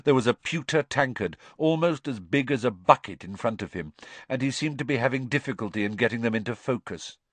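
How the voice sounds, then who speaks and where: A man narrating an audiobook with expressive storytelling, voicing every character himself. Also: mid-range voice, a little fast, no echo.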